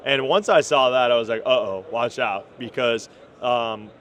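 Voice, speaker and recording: A man's voice: mid-range voice, moderate pace, a bit bright, slight background noise. A man in his thirties from Minnesota, with a Minnesota accent, answering interview questions in an easygoing, modest way with lots of ums. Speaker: NFL wide receiver, guest.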